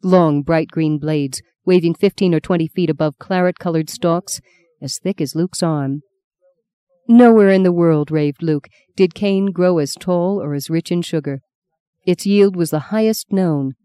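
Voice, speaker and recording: Low, mellow female audiobook narrator. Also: clear, resonant tone, dry recording. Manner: steady, measured reading. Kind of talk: scripted narration.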